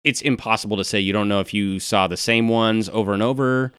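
A man narrating as game master of a tabletop game, relaxed and self-deprecating. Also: on the low side, fairly quick, clear, resonant tone, no echo, clean studio sound.

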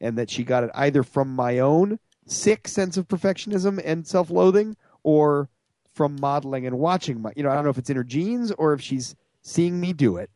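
A man's voice: a little high, lively intonation, normal speed, mellow, dry recording. A man co-hosting a podcast, telling stories in casual chat with a self-mocking tone. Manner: self-mocking storyteller, acts out voices. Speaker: podcast co-host.

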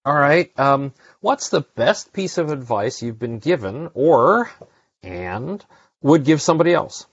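A man's voice: fairly high pitch, very animated, unhurried, slightly rough, dry recording. A man hosting a podcast, chatting casually and rambling with lots of fillers and restarts. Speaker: podcast host. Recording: dry, dull lo-fi sound.

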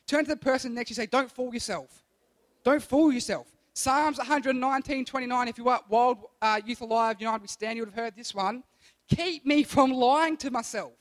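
A man preaches to young people. He speaks quickly and casually and slips into little acted voices for his examples. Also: very high voice. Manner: energetic, conversational, acts out quoted voices. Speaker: youth pastor. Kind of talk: sermon.

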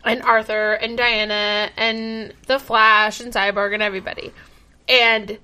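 Bright-voiced young woman ranting casually. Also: a little high, flat delivery, clean tone. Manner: heated, swearing, quick to laugh. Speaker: podcast co-host. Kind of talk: casual chat.

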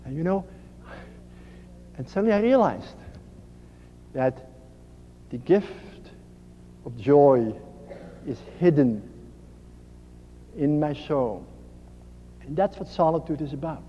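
A man giving a slow, earnest sermon as a priest, dropping to a soft hush on key phrases. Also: fairly high pitch, animated, slight background noise. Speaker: priest and spiritual speaker. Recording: dull lo-fi archive recording in a reverberant hall.

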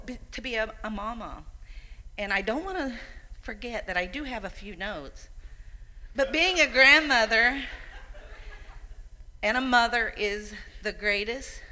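A woman's voice: medium pitch, pushed and bright, poor audio. An older woman, a grandmother, speaking informally into a handheld microphone at a church service, chatty and rambling with frequent laughs. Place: church hall.

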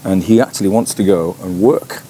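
Low-voiced man teaching casually. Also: brisk, mellow, a little hiss or hum. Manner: chatty, many fillers and rhetorical questions. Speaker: Bible school teacher. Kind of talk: informal teaching talk.

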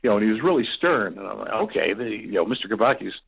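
A man's voice: lowish voice, expressive, fast, vocal fry, breathy edge, highs cut off. A man from Ohio, a podcast guest, telling personal stories in an earnest, rambling way with many fillers and restarts. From Ohio, USA. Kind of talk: storytelling in a podcast interview.

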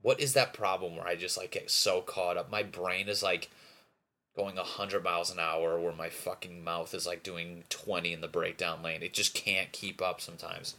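A man's voice: sits low, little pitch movement, normal speed, bright, forceful tone. A young man talking alone in a casual, rambling monologue, swearing a lot and restarting his sentences often. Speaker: podcaster.

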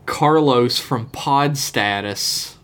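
A male podcast host with a middle-pitched voice, reading listener emails aloud in relaxed, casual chat. He delivers dry jokes and breaks into laughter while reading. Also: extremely slow, smooth.

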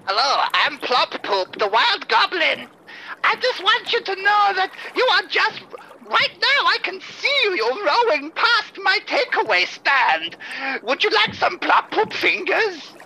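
Plop Poop is a wild goblin with a squeaky voice, played in improvised comedy audio. His voice is very high and rasps with fry, and his pitch leaps all over the place. He drawls slowly and pushily, like a salesman bragging about his food. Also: big pitch swings, sharp tone, a little hiss or hum, exaggerated voice, low-quality recording. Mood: pushy. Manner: boastful, pushy salesman. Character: wild goblin running a takeaway stand.

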